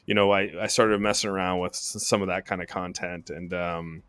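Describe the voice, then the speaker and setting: A man's voice: low voice, fairly even intonation, brisk, fairly bright tone, smooth, no echo, clean studio sound. A man in casual chat, rambling and swearing a lot, saying "dude" often. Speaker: co-host.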